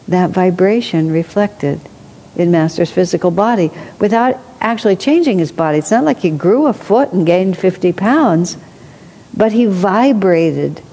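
A woman telling stories in a reflective spiritual discussion, thoughtful, with asides and soft laughs. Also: on the low side, vocal fry. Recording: long hall reverb.

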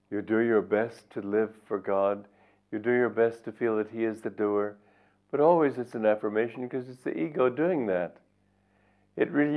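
Older man, low voice, tinny recording. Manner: storytelling, reflective. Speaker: spiritual teacher. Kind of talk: reading and commenting on his book.

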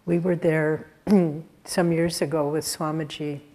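A woman giving a sermon-style talk, telling spiritual stories in an earnest way with soft laughs. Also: low-pitched, level tone, slow.

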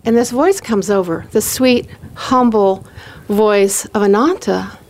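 A woman telling a personal story in a lively way, acting out the voices of the people in it and often laughing as she talks. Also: medium pitch, unhurried. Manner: animated, acts out quoted voices; often laughs while talking.

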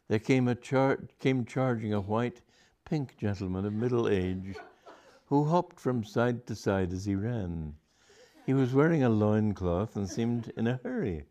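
A man's voice: fairly low pitch, dark tone. A man reading a comic story aloud, amused and chuckling, with occasional stumbles. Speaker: reader.

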